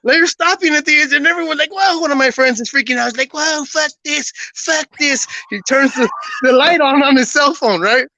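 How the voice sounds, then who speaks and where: A man who is a podcast guest, casually telling a personal story in an animated way, often laughing and acting out what people said. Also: extremely high pitch, fast talker, no room sound, rough recording.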